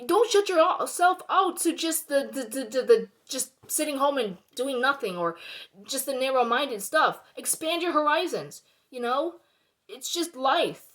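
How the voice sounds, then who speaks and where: A young woman with a high voice vents to her viewers in a heated monologue. She swears freely and circles back to the same points. She keeps pressing the audience with rhetorical questions. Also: animated, measured pace, fairly bright tone. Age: young adult. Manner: heated and indignant, swearing, repeating herself. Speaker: vlogger.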